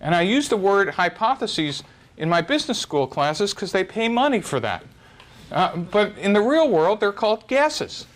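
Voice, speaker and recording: A middle-aged man delivers a live lecture in a rather high voice. He is wry and self-deprecating, and his pitch jumps up and down as he makes his points. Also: very animated, moderate pace. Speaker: speaker giving a startup talk.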